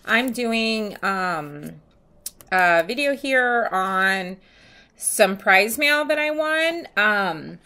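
Woman vlogger at home, unhurried and chatty, bright edge to the voice, lots of ums. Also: mid-range voice, expressive, clean tone. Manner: chatty, many ums, gushing. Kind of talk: casual show-and-tell vlog. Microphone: camera mic.

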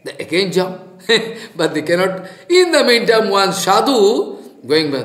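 A spiritual teacher preaches in halting, animated but unhurried. His voice sits high and moves slowly. The sound rings in a roomy, echoing space. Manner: slow, halting, animated storytelling with chanted Sanskrit verses. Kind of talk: devotional sermon with storytelling. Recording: roomy echo.

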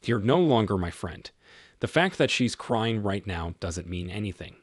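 A man voicing a cold, stern husband confronting his cheating wife, in a measured tone. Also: fairly low pitch, expressive, no room sound, studio quality. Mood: threatening.

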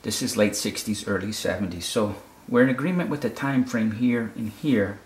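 Low-voiced guy breaking down a photo, keeps going "okay?", echoey room. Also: normal speed. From United States. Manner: repeats words, checks in with "okay?". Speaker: photography critic. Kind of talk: casual explanatory commentary. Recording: roomy echo.

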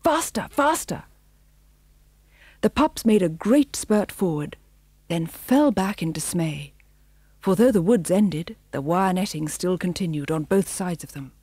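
A woman narrating a children's storybook audiobook with a measured, expressive reading. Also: on the low side, husky, dry recording, studio quality.

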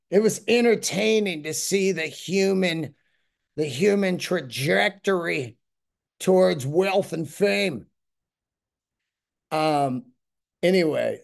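A man hosts his own podcast in a loose, rambling monologue, swearing freely and slipping into the voices of the people in his stories. His voice sits a little higher than most men's. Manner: rambling, profane, acts out quoted people. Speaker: podcast host. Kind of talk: casual monologue.

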